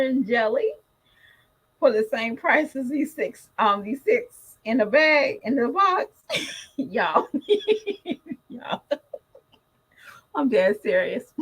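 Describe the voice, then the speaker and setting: Woman, casual vlogger mom, animated, chatty, speaks straight to her audience. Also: a little high, low-quality recording. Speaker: mother vlogger. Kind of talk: casual chat to camera.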